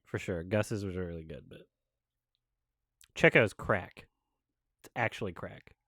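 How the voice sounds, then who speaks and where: A man's voice: low voice, measured pace, no room sound, studio quality. A man chatting casually while streaming a watch-along, rambling and swearing, and saying he is sick. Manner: rambling, swearing, laughs loudly.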